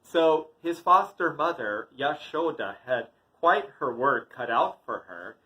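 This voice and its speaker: Brief: unhurried male yoga teacher telling a children's tale, playful. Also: on the high side, rough recording. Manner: animated, playful with sound effects. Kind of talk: storytelling.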